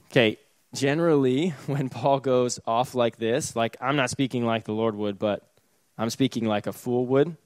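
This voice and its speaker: A man's voice: medium pitch, steady tone, normal speed, a little mellow, no echo. A man preaching a sermon in a casual, conversational way, with sarcastic asides and chuckles. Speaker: pastor.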